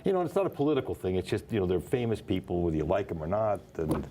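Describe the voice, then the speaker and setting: A man's voice: deep voice, very animated, very fast, dark tone. A man chatting casually as a guest, telling rambling anecdotes and laughing often. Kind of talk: casual chat.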